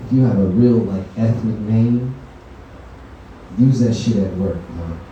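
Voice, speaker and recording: A man working a crowd in a comedy lounge, rambling through profane stories at an easy, chatty clip. His voice sounds dark and mellow. It reaches the listener from across a roomy, echoing space with a faint hum of ambience behind it. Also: on the low side, unhurried, lo-fi sound. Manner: profane, loose conversational storytelling. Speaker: stand-up comedian. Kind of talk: stand-up comedy set. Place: comedy venue lounge, indoors. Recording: echoey room from far off.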